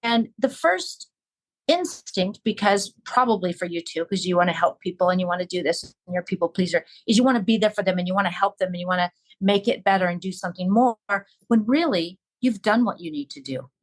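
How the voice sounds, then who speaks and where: A woman's voice: lowish voice, lively intonation, a little fast, low-quality recording. A woman talking earnestly and reflectively in a casual podcast conversation.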